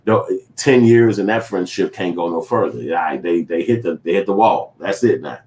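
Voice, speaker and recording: A man's voice: low-pitched, normal speed, darkish tone. A man filmmaker in a casual commentary vlog, rambling and profane, acting out little quoted scenes. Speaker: filmmaker and vlogger.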